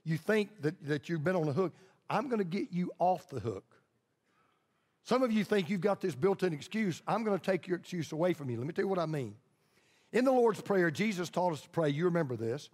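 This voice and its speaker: In a large hall with long reverb, a man pastor delivers a forceful sermon, driving points home through repetition and calling out for congregational responses. He speaks fairly quickly in a high voice with big pitch swings and a slightly mellow quality.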